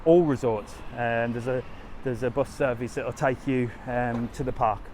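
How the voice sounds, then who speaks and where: Walking along a resort street outdoors, a travel vlogger and live-stream host leads a casual live tour, talking straight to his viewers and reading their comments aloud. His mid-range voice is a little mellow, with fairly even intonation and normal speed. He sounds chatty and easygoing, and there's a little hiss or hum.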